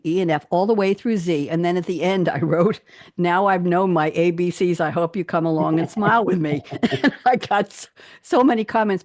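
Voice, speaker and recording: A woman's voice: fairly low pitch, no room sound, clean studio sound. A woman guest on an interview show, chatting cheerfully, laughing often and reading her own poems aloud. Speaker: guest poet.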